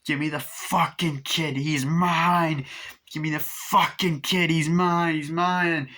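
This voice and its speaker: Man voicing a possessed male killer doll: high, bright, forceful, snarling and chanting. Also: steady tone, takes it slowly. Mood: menacing.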